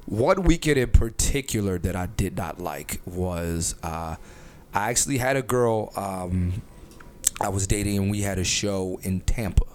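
A man hosting a comedy podcast, talking in a rambling, profane, animated way with lots of restarts. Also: sits low, a little slow, a little hiss or hum. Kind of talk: casual comedic podcast chat.

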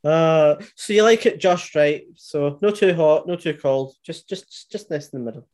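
Low-voiced woman hosting. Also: moderate pace, a little mellow. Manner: easygoing, laughs along. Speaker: podcast host. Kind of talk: casual interview chat.

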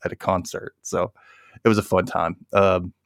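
A man's voice: low voice, level tone, moderate pace, creaky, clear, resonant tone, no room sound, clean studio sound. A young adult man telling a story in casual chat, acting out the quoted voices and laughing as he goes. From Memphis area.

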